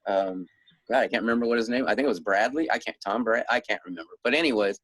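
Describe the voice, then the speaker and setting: A man's voice: on the low side, fast, a bit bright, no room sound, rough recording. A middle-aged man being interviewed as an author, rambling in a casual way with frequent chuckles and restarts. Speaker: guest author.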